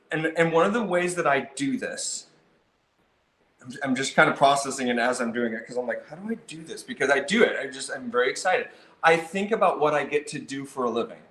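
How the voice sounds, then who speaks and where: A man's voice: a little high, fairly bright tone, echoey room. A man teaching piano technicians about customer service, talking with energy and acting out phone calls and visits. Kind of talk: instructional talk.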